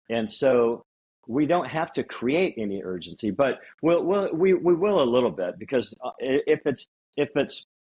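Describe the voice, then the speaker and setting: A man's voice: medium pitch, husky. A man co-hosting a podcast, chatting casually about sales and acting out bits of sales dialogue. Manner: conversational, acts out sales dialogue. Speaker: podcast co-host. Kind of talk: casual sales-advice chat. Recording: dull lo-fi audio.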